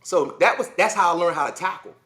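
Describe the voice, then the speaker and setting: A man in his forties from South Carolina, telling stories in a casual podcast chat, animated and repeating words as he goes. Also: high-pitched, fast talker. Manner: animated, repeats words, acts out kids' voices. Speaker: former football player guest.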